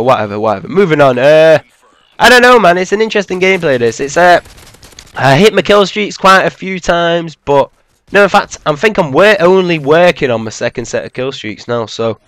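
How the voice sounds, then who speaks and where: A man's voice: medium pitch, fairly bright tone, no echo. Laid-back man commenting on gameplay. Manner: rambling, profane, laid-back, with many fillers. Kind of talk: casual commentary over gameplay footage.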